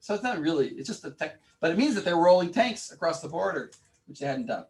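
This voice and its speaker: A man teaching a class, arguing his opinions in an animated, informal way with many restarts. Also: fairly high pitch, quick pace. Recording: voice from far off in a classroom.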